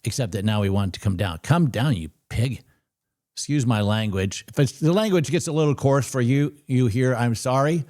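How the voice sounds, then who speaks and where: A man hosting a live trading stream, talking in an animated, ranting and excitable way. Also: mid-range voice, a little fast, hardly any pauses.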